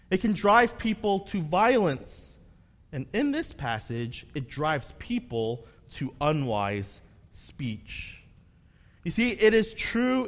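A male pastor preaching a sermon, moving between emphatic peaks and soft, reasoning passages. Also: fairly high pitch. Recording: long hall reverb.

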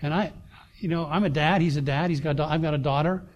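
A middle-aged man, a pastor, telling a personal story in a sermon, halting with many fillers and restarts. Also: on the high side, fairly even intonation.

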